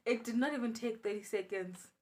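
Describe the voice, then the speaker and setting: A young South African woman telling a personal story for her vlog in an animated, dramatic way. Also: a little high. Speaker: vlogger.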